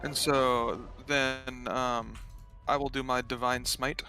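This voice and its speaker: Man, tabletop player, mid pitch, casual, thinking aloud, music behind. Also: flat delivery, slow. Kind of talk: tabletop game play. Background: background music.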